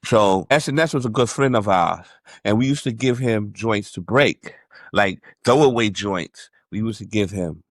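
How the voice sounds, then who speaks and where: A man from New York, a music producer guest, calmly recalling stories in a casual interview. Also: lowish voice, moderate pace, no echo, clean studio sound. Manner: laid-back, reflective recollection.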